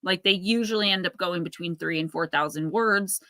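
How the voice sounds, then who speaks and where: A woman's voice: lowish voice, moderate pace, pushed and bright, no room sound. A woman in her thirties hosting a casual livestream, rambling and chatty as she reads out viewer comments. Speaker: livestream host.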